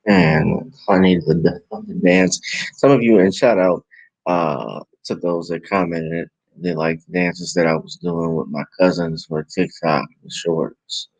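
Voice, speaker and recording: Worn-out new orleans guy, real low gravelly voice, slow rambly live stream chat. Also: no echo, low-quality recording. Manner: rambling, relaxed, self-correcting. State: tired and yawning. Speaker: vlogger and podcast host. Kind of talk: casual live-stream talk.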